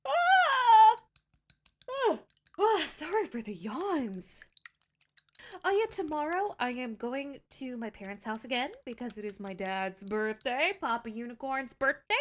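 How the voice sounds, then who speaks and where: A young woman streamer rambling casually to her viewers in a fairly high voice that swoops up and down a lot. She talks in a chatty, self-deprecating way and swears freely. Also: animated, normal speed.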